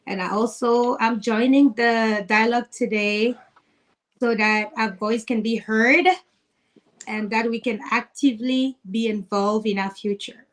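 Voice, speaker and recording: A woman from Togo introduces herself on a panel discussion. Her voice sits fairly high, and she sounds earnest, stumbling a little over her words. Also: steady tone, a little slow.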